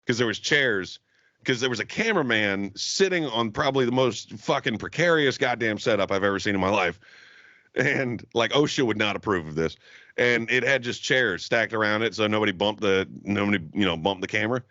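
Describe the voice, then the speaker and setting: Man, podcast co-host, low voice, dry dull lo-fi sound, swears a lot. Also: expressive, brisk, bright, forceful tone, no room sound. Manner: profane, laughing, acts out quotes. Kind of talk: casual storytelling chat.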